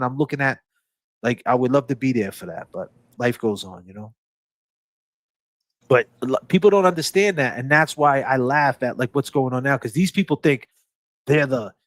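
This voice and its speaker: A man holds forth on his own livestream in loose, casual talk. He curses freely and hammers each point with repetition, preaching at his listeners. His middle-pitched voice sounds dry and close. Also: dry recording. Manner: emphatic, profane, preachy, repeats phrases. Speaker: livestream host.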